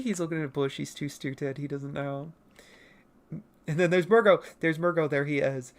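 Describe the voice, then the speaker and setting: A woman's voice: low voice, fairly even intonation, brisk. A woman comic artist chatting on her livestream about her old drawings, rambling and self-mocking. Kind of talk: casual livestream chat.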